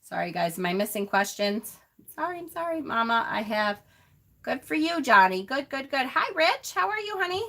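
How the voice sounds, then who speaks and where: A woman's voice: high voice, sing-song, normal speed, vocal fry, fairly bright tone. A middle-aged woman hosting a live stream, chatting casually and answering viewers' comments by name. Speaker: host of a pagan live stream.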